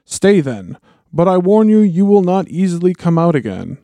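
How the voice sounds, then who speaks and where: A man voicing a stern, commanding old male wizard, reading a book passage aloud slowly and deliberately. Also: lowish voice, darkish tone, no echo, voice pushed down.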